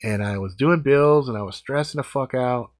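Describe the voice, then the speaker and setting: A man in his forties answering viewer comments in a blunt, heavily profane, animated storytelling chat. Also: mid-range voice, moderate pace. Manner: blunt, heavy swearing, animated.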